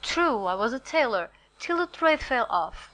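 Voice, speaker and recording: A woman's voice: on the high side, very animated, a little slow, a bit bright, low-quality recording. A woman reading an audiobook, voicing a fawning, eager-to-please male innkeeper who talks in an effusive, apologetic rush.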